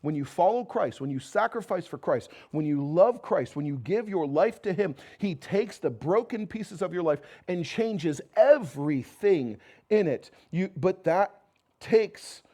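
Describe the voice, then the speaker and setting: A man preaching a sermon to his congregation with an American accent, swinging from loud emphatic calls to quiet, intimate passages and slipping in joking asides. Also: sits high, animated, unhurried. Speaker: pastor. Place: church sanctuary before a congregation.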